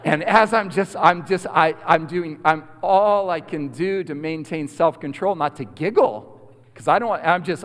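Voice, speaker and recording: A man preaching a storytelling sermon, animated and swinging from loud to hushed. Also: a little high, measured pace. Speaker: guest preacher. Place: large hall at a school prayer week. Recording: long hall reverb.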